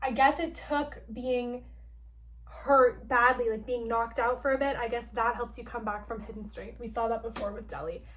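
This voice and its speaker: Chatty high-voiced young woman. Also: moderate pace, a little hiss or hum. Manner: chatty, heavy use of "like", playful and expressive. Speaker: gaming vlogger. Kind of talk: dramatic story recap.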